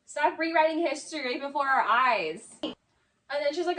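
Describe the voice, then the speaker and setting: A woman with a high voice picks apart a reality show in casual, sarcastic commentary, leaning on "like" again and again. She sounds exasperated. Her mic is a bit far off. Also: lively intonation, moderate pace, fairly bright tone. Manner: sarcastic, exasperated, many "like" fillers. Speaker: video essay commentator.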